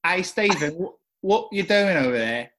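A man putting on the voice of a goofy foreign man peeling potatoes, giggling and halting as he jokes. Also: high-pitched, animated, fairly bright tone, voice pushed up. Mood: joking.

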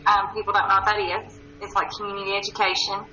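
A woman in her thirties with an Eastern Kentucky accent, chatting easily as an interview guest and poking fun at herself. Her voice is bright and clear in tone. She sounds set back from the mic in a roomy space, with a dull, slightly muffled quality. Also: medium pitch, completely flat delivery, fast talker, far from the mic, a little hiss or hum. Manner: chatty, self-deprecating storyteller with laughs. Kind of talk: casual interview.

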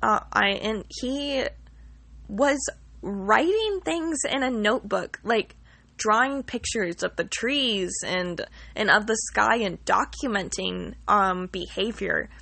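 A woman's voice: mid-range voice, animated, takes it slowly, creaky, sharp tone, breathy edge, no echo. A young woman telling a personal story casually, rambling with lots of fillers and the odd swear word.

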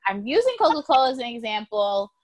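A woman lawyer as a podcast guest, telling stories in a lively, casual way and acting out quoted voices. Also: a little high, fast, dry recording. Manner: animated storyteller, acts out quoted voices with laughter. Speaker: guest, intellectual property lawyer.

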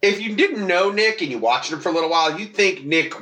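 A man's voice: high-pitched, expressive, brisk, sharp tone. A man co-hosting a casual podcast, telling a story with crude language, acting out the voices of the people in it. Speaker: podcast co-host. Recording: roomy echo.

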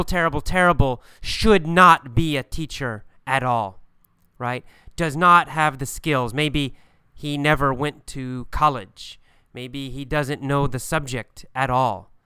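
Guy teaching english vocab, super clear bright voice, dry close sound. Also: a little high, no room sound. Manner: slow, clear, repeats key words with simple examples. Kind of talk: vocabulary lesson for learners.

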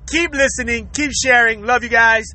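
A man's voice: very high voice, steady tone, moderate pace, sharp tone. A man hosting his own show, ranting from his car in traffic, swearing often, laughing and asking rhetorical questions. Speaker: show host. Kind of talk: profane comedic rant.

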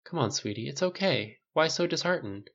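A man reading as a soft-spoken loving mother. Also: fairly high pitch, animated, moderate pace, voice pushed up. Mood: tender. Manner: soft and tender, quiet. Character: gentle, soft-spoken loving mother, middle-aged woman. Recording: slightly dull lo-fi recording.

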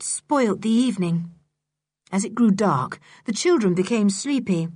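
A woman reading a children's adventure audiobook, expressive and animated with a lively pitch range. Her voice is slightly breathy, recorded close and dry. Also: a little slow, no echo. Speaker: audiobook narrator. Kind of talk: storybook narration.

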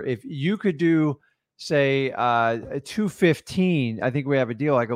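A man's voice: medium pitch, animated, unhurried, no room sound, studio quality. A man coaching real estate wholesalers in casual talk, blunt and confident, acting out his seller negotiations.

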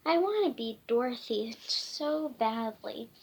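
A woman's voice: on the high side, expressive, takes it slowly, a little hiss or hum. Woman voicing an eager, anxious little girl. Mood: worried. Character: eager anxious young girl in a school play.

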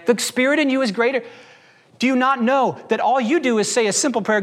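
A man's voice: very high voice, fairly quick, a bit bright. A man preaching a sermon as a pastor, shifting his pace and acting out quoted voices as he goes.

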